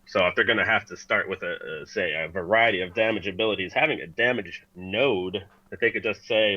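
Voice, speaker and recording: A man's voice: deep voice, fairly quick, few pauses, dull audio. A man appearing as a guest on a gaming podcast, easygoing, often agreeing with short replies. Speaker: guest co-host. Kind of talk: casual gaming podcast chat.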